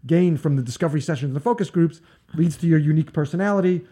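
Male podcast host, chatty, playful, on the higher side. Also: racing. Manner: chatty, playful, animated, mocks accents in jest. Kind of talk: casual interview chat with live shout-outs.

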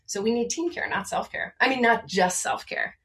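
A woman from Maryland, a podcast guest talking about wellness, energetic and emphatic, often tacking on a rhetorical "right?". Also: fairly high pitch, normal speed. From Maryland, USA. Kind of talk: podcast conversation.

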